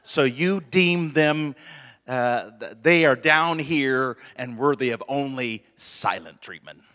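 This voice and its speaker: A male pastor preaching a sermon in a relaxed, conversational way, asking for amens and chuckling with his congregation. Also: medium pitch, takes it slowly. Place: church sanctuary. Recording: long church hall reverb.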